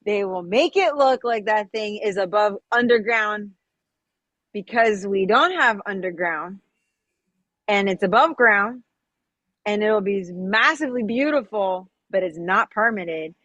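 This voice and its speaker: A woman chats on a group video call, playful and talkative. Her voice sits at a middle pitch and sounds dry and close, with no room echo. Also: a bit bright, highs cut off. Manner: chatty, playful, storytelling. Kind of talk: casual group chat.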